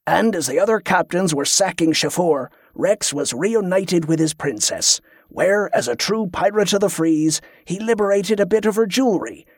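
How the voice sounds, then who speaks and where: Man voicing a gruff ship's cook, boastful, impatient, dry close sound. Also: high-pitched, expressive, moderate pace, few pauses, dry recording.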